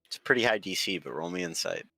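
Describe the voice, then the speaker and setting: A man runs a tabletop game as dungeon master, talking casually and bluntly. His voice is very deep with a bright, forceful edge. The sound is dry and close. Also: expressive, fast, vocal fry, no echo, soft background music.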